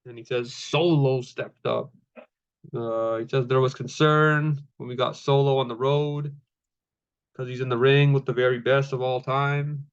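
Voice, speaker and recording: A man at a middle pitch talks through a wrestling recap in a loose, casual way, dropping fillers and curse words as he goes. His voice comes through a slightly dull, lo-fi recording. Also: little pitch movement, normal speed, clean tone. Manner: laid-back, swears freely, many fillers, acts out quotes. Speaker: wrestling show reviewer.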